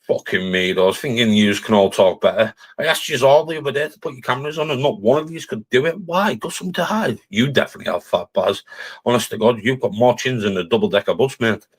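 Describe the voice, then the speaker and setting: Man, cumbrian accent, streamer, angry swearing rant, jeering insults, mid-pitched voice. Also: lively intonation, quick pace. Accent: Cumbrian English. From Cumbria, England. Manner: mocking, jeering.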